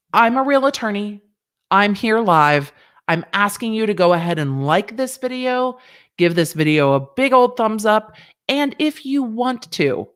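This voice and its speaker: A woman lawyer hosts a relaxed livestream and talks straight to her viewers. She rambles, jokes and pleads playfully, and her pitch sits in an ordinary middle range. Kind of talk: casual livestream chat.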